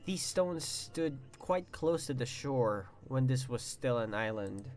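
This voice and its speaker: Excitable young man streaming a game. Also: medium pitch, takes it slowly, soft background music. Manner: excitable, swears and exclaims between read-out passages. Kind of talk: casual game streaming, reading game text aloud.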